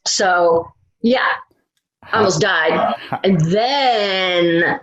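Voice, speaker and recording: A woman's voice: lowish voice, drawn-out words, long pauses, a bit bright. A woman, a retired rescue swimmer, telling a story in a casual interview, full of restarts and laughs. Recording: roomy, echoey room.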